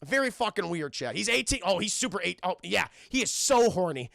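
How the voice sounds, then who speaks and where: A young man recapping a film for his live chat, profane and excitable, constantly addressing the chat. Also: high voice, a little fast, creaky, no room sound, clean studio sound. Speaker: streamer reviewing a film. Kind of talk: casual livestream commentary.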